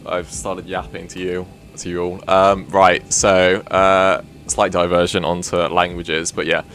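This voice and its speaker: A man's voice: low voice, flat delivery, unhurried, a bit bright, slight background noise. A British man chatting casually to viewers during a flight sim live stream, rambling and self-deprecating as he works.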